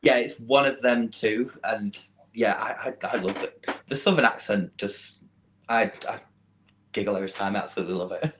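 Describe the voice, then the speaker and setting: A man's voice: on the low side, normal speed, a bit bright, slight background noise. A man with a Mancunian accent chatting as a podcast guest, giggly and self-deprecating, laughing often. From Manchester, England. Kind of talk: casual chat.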